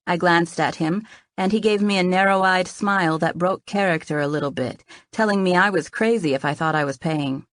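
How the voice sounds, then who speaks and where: A woman's voice: fairly low pitch, moderate pace, fairly bright tone, no echo. A woman narrating a first-person romance audiobook in an earnest storytelling manner, close to the mic.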